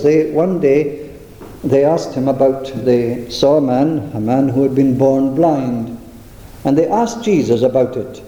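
A man preaching a sermon in a measured, deliberate way, slowing down to stress key phrases. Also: medium pitch, dark tone. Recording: echoey hall.

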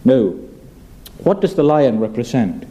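A male preacher giving an earnest expository sermon, asking rhetorical questions and reading scripture aloud slowly. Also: medium pitch, very animated, warm tone.

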